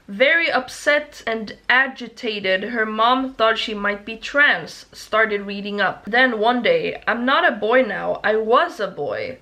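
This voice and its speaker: A woman's voice: on the high side, sharp tone. A woman reading creepy stories aloud in a casual way, stumbling on words and swearing in her asides.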